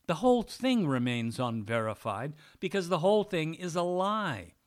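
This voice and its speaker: A man's voice: fairly high pitch, expressive, normal speed. A man giving a mocking, sarcastic opinion monologue as a political commentator.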